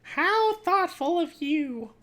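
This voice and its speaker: A prim, stern mother speaks in a squeaky falsetto like a cartoon mouse. The voice jumps far above the reader's own and sounds piping and small. It belongs to an unpolished read-aloud of a children's book. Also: animated, slow, fairly bright tone, full character voice. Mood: sarcastic.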